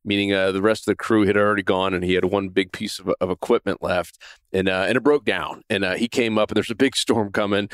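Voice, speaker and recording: A middle-aged man with a fairly low voice tells a true story on his podcast in a casual, earnest way. He stumbles and restarts often and tags his points with a quick "right?". The sound is dry and close, with no room around it. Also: steady tone, smooth, no room sound. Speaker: podcast host. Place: home in Florida.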